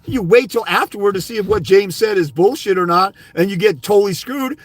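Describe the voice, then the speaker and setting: A man's voice: sits high, a little fast, few pauses, no room sound. A man consultant giving a blunt, profane, berating livestream rant. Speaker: fathers' rights consultant. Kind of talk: ranting livestream monologue.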